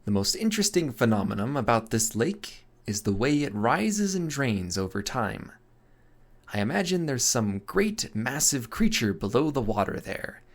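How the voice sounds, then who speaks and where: A man voicing a dreamy painter in whispered role-play, soft and full of wonder. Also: fairly low pitch. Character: dreamy painter writing a letter, gentle and wondering.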